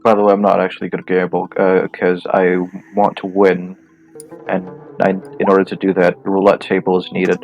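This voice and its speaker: A man playing a tabletop game, teasing the others with quick asides. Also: low-pitched, monotone, creaky, highs cut off, faint music behind. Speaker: player. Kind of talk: casual tabletop game chat.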